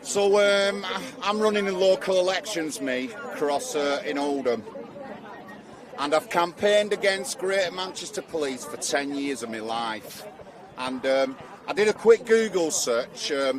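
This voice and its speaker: A man speaks informally to an outdoor protest crowd, hesitant and full of fillers. His slightly raised voice sits away from the mic. A crowd murmurs loudly around him. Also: fairly high pitch, far from the mic. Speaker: local election candidate, campaigner. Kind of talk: speech at a protest. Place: outdoors on a city street at a protest. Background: crowd noise.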